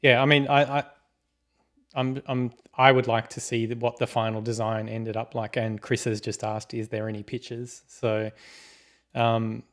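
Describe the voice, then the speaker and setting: A man hosting a casual interview, speaking in a relaxed, hedging way and reading out viewers' questions. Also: mid-range voice, moderate pace. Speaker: interview host. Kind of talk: casual video-call interview.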